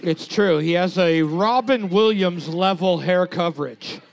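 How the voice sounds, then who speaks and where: A man's voice: high-pitched, measured pace, creaky. A man co-hosting a bar trivia night, reading out scores and teasing his partner with crude jokes. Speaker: trivia co-host.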